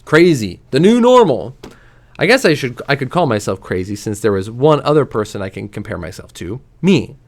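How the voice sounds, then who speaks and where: A man reading a novel aloud to his stream, giving quoted lines lively voices and dropping soft and low on the quiet ones. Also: a little fast, vocal fry, hardly any pauses. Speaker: reader.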